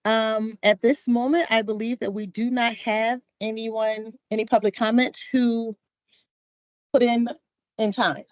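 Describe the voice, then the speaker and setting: A woman chairs a commission meeting, running roll call in a loose, upbeat way with plenty of fillers. She talks at an unhurried, drawn-out pace. Her voice sounds close and dry, with no room around it. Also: on the high side, little pitch movement, dry recording, dull audio.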